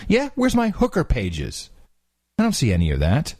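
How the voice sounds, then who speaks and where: A man co-hosting a podcast in casual chat, animated and laughing often as he reads aloud. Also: a little high, normal speed, no room sound, clean studio sound. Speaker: podcast co-host.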